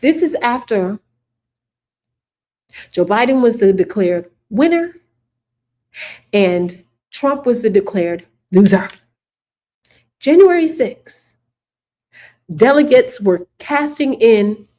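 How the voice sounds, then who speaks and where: A woman's voice: on the high side, animated, slow, pauses often, dark tone. A woman hosting casual political commentary, sarcastic and emphatic, repeating her points for the viewers.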